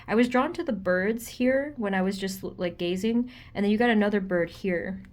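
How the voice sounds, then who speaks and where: A woman doing a pick-a-card tarot reading for viewers, gentle and reassuring, chatty, with frequent ums and an easy laugh. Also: medium pitch, moderate pace. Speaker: tarot reader.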